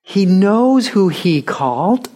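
Animated pastor preaching a sermon. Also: male voice, high-pitched, slow. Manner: animated, jokes, puts on voices for quoted people.

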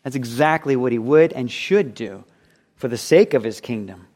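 A man preaching a sermon, animated, acting out quoted voices as he teaches. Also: mid-range voice, moderate pace. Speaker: pastor.

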